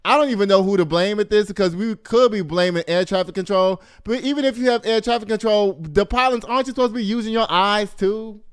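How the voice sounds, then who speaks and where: Male host, 50s, lively chatty gossip delivery, slightly high, smooth clear voice. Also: quick pace, few pauses. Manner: animated, exclaiming, talks straight to the audience. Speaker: show host. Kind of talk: casual gossip commentary.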